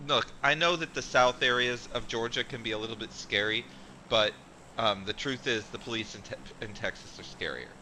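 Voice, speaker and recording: A man's voice: medium pitch, normal speed, pushed and bright, a little hiss or hum, poor audio. A man in casual gaming chat, talking in a dry, matter-of-fact way. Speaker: streamer guest.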